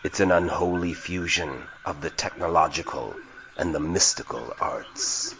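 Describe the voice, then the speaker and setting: A man voicing a lion-like feline noble in an audio drama, measured, formal and persuasive. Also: deep voice, vocal fry, fairly bright tone, dull audio, heavily acted. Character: lion-like male feline noble, calm diplomat. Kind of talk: indie audio drama acting.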